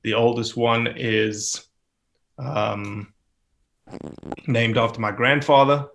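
A middle-aged man from Africa, talking as a podcast guest in energetic bursts. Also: mid-range voice, slow pace, gravelly, background noise. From South Africa. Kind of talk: casual podcast conversation.

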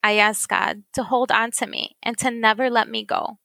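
A woman tells her story of faith in an interview, earnest and tearful, often repeating her words for weight. Her voice sits a little high and has a gravelly fry to it. The sound is dry and close, with no room around it. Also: fairly even intonation, moderate pace, bright, forceful tone, no room sound. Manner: earnest, repeats phrases for emphasis. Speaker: guest sharing testimony. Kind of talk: emotional faith testimony.

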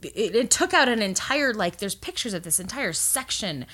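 A woman co-hosting a casual political chat, animated and swearing freely, with lots of "like" fillers. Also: mid-range voice, moderate pace, slightly rough. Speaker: podcast co-host. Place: lives in Colorado.

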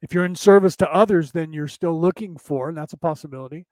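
A man's voice: a little high, fast talker, a little mellow, dry recording. A man hosting a casual spiritual talk show, rambling, repeating himself and often asking "right?" as he reads comments from his listeners. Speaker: podcast host.

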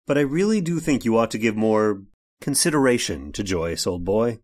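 A man's voice: lowish voice, lively intonation, moderate pace, a little mellow. A man playing a prim genteel narrator. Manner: prim, old-fashioned, addresses listener directly. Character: fussy genteel male workshop owner, narrator. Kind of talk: radio drama narration and dialogue.

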